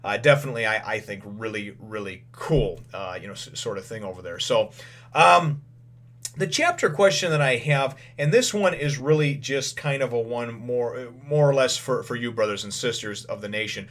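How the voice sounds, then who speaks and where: A man with a mid-range, fairly bright and expressive voice speaks at a moderate pace on his own channel. He casually recaps a comic chapter in a rambling way, leaning on plenty of "you know" fillers and chuckling now and then.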